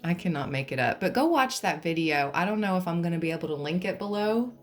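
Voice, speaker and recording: A woman's voice: lowish voice, expressive, fast, soft background music. A woman giving a pick-a-card tarot reading in a playful, joking way, now and then bursting into song. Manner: playful, laughs to lighten things, breaks into humming and song. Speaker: tarot reader.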